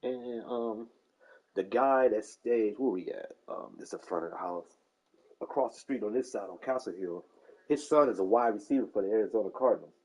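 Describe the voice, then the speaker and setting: A man in his forties in casual chat, telling profane stories in a lively way and acting out the people in them. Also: on the low side, normal speed, slightly rough, low-quality recording. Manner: animated storyteller, profane, acts out quoted people.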